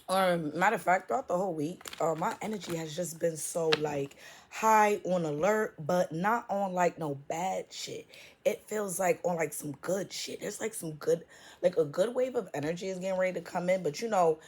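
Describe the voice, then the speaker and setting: A young woman with a lowish voice hosts a casual tarot reading. She talks in a loose, slangy, often profane way, leaning on fillers and drawn-out asides as she riffs to her viewers. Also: a little mellow. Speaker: tarot reader. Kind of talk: casual spiritual tarot talk.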